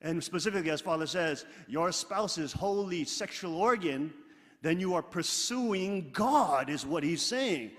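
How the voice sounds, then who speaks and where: Emphatic pastor man, high, in a hall. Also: lively intonation, measured pace. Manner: emphatic, swings between loud exclaiming and quiet asides; leads the congregation in reading scripture aloud. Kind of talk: sermon. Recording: long hall reverb.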